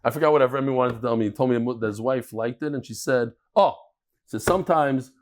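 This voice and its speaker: A man's voice: mid-range voice, brisk. A man teaching a Talmud class to a live room, telling stories and jokes in a chatty way. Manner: joking, storytelling, chatty with laughs. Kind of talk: daf yomi lecture with jokes and stories.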